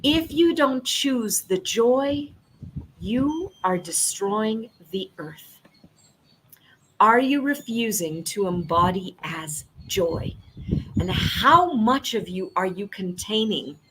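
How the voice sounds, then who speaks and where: A middle-aged woman hosting a solo livestream, talking with passion and emphasis, swinging between forceful outbursts and hushed near-whispers. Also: mid-range voice, lively intonation, slow, a little hiss or hum, rough recording. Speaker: livestream host.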